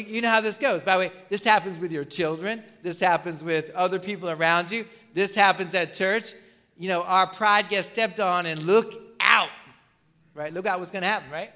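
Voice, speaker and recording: Man, pastor, sermon, chatty preaching, high voice, bright tone. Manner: conversational preaching with rhetorical questions and fillers.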